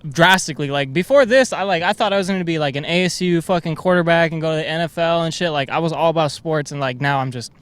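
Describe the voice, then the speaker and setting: A man's voice: on the high side, quick pace, hardly any pauses, a bit bright, clear, resonant tone. A young man hosting a podcast, chatting in a loose, laid-back way full of filler words and swearing. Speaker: podcast host. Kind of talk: casual chat.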